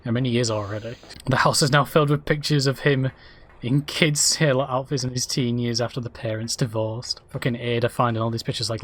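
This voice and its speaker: A man's voice: medium pitch, steady tone, brisk, fairly bright tone. Crude rambling man streaming. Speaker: game streamer. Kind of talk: casual gameplay commentary.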